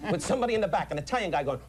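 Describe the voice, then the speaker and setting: A man in his sixties, a comedian guest on a talk show, firing off rapid teasing wisecracks and insult jokes. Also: high voice, very animated. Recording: old tape, faint hiss.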